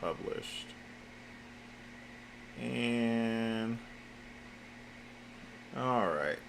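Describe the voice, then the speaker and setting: A slow-talking man, thinking aloud as he works through tasks on a livestream. His pitch sits in a middling range, and he drifts between quiet muttering and frustrated cursing. There is a faint hum of noise behind him. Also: lively intonation, creaky. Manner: mutters to himself, curses in frustration. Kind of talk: casual livestream talk while working.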